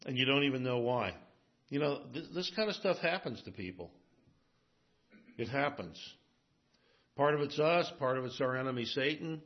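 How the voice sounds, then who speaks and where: A man preaching a sermon as pastor, swinging between emphatic, raised lines and hushed, low asides. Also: expressive, moderate pace, pauses often, lo-fi sound.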